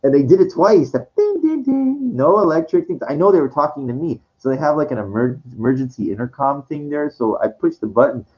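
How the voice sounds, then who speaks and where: A man telling a personal story in a casual monologue, halting and rambling, with many restarts, fillers and casual swearing. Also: mid-range voice, a little mellow, dull audio. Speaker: vlogger.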